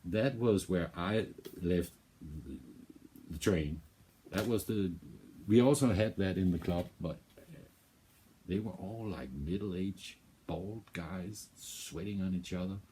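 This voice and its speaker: Slow, deep-voiced man rambling casually. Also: dark tone, a little hiss or hum. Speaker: music reaction video host. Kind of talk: casual reaction commentary.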